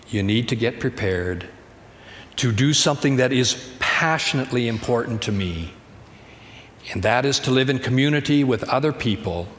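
A man voicing a patient teacher who questions a disciple calmly and insistently, in a reverberant church hall. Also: fairly low pitch, slight background noise. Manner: calm, gently insistent.

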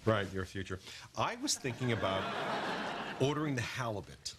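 A man's voice: lowish voice, lively intonation, normal speed, heavy background noise, close to an everyday voice. A man acting in a sitcom as a playful, pleading doctor husband. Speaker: actor playing a doctor husband.

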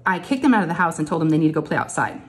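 A middle-aged woman with a slightly low voice, talking in a chatty, animated way. She tells a long story full of asides, like a crafting vlogger speaking to her viewers from her craft room at home. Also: very fast. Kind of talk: casual storytelling chat.

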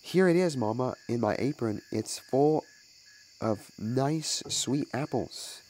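A man's voice: medium pitch, expressive, slow, a little mellow, rough recording. A man voicing a small guilty boy who stammers and pleads to defend himself. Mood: pleading. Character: small guilty boy caught with stolen apples.

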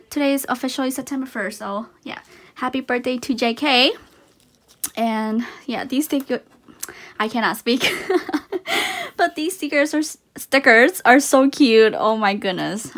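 A young woman with a slightly high voice talks her way through an unboxing in a loose, chatty vlog manner. She gushes and gasps with excitement, her speech sprinkled with fillers and little restarts. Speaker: unboxing vlogger. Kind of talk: casual unboxing chat.

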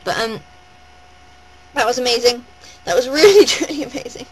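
A woman vlogging at home, gushing and rambling in a breathless, excited rush. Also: a little high, moderate pace, slight background noise, low-quality recording. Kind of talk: excited personal vlog. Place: at home indoors.

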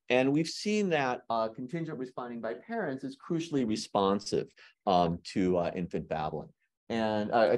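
A man giving an academic lecture in a hall, lively and joking with his audience. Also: mid-range voice.

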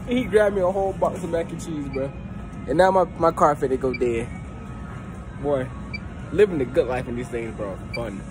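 A man's voice: on the high side, quick pace, over music. A man hosting a casual vlog from his car, talking in a slangy, laid-back way straight to his viewers. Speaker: vlogger host.

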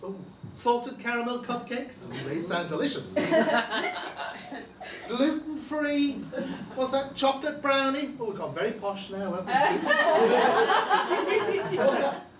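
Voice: high voice, sing-song, slow pace, pauses often, crowd noise, exaggerated voice. Performer playing a stammering box-office attendant. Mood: flustered. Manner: stammering, gossipy, with many false starts. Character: fussy, chatty theatre box-office attendant greeting arrivals. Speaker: comedy sketch performer. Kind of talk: live stage sketch. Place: village hall stage. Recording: echoey hall miked from far, audience noise.

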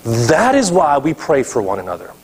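A man's voice: medium pitch, wildly swooping pitch, moderate pace, breathy edge. A male pastor preaching a sermon emphatically, often checking in with his listeners. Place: church.

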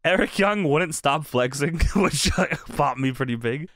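A man's voice: a little high, lively intonation, measured pace, fairly bright tone, no echo, clean studio sound. A young man co-hosting a podcast, chatting casually about wrestling, swearing and laughing often as he recounts what happened. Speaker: podcast co-host recapping wrestling. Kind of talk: casual chat.

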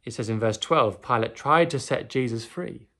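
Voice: mid-range voice, normal speed, fairly bright tone. A children's teacher telling and reading a Bible story, often asking the children tag questions.

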